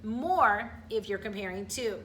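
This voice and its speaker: A woman's voice: mid-range voice, expressive, measured pace, fairly bright tone, a little hiss or hum. A middle-aged woman teacher giving an online grammar lesson, explaining patiently step by step and checking in with her students.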